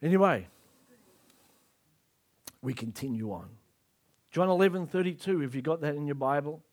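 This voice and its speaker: Male preacher, sermon, emphatic, lively rising and falling pitch. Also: moderate pace. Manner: emphatic, acts out scripture scenes.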